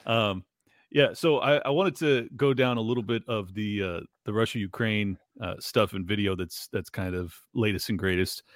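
A man's voice: lowish voice, normal speed, dry recording, studio quality. A man hosting a podcast in casual political chat, sarcastic and rambling, swearing now and then. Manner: sarcastic, rambling, swears, acts out quoted voices. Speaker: podcast host.

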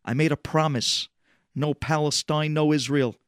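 A man voicing an excited, then furious, older male president, booming and shouting. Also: normal speed, smooth, no echo, studio quality, natural voice.

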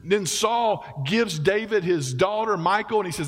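A man's voice: high voice, lively intonation, measured pace. A man preaching in a casual, folksy way, acting out the voices of the story's characters. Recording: long hall reverb.

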